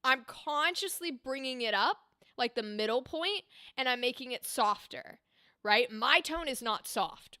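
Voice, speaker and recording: A young woman voice actor chatting casually on a livestream, animated and explaining with demonstrations. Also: sits high, unhurried, no room sound, clean studio sound. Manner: animated, talks with her hands, explains with demonstrations. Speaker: streamer and voice actor. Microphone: desk microphone.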